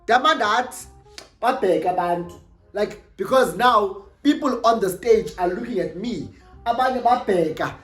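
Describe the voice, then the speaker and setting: A young South African woman telling a storytime vlog, animated and exclamatory, switching freely between languages. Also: medium pitch, moderate pace, soft background music. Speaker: YouTuber.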